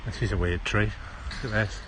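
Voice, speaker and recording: Chatting casually on a phone livestream while walking in an outdoor park, this host from Stoke-on-Trent, England, rambles and drops his H's in a Potteries accent. His fairly low voice holds a steady tone at a fairly quick pace against a noisy background.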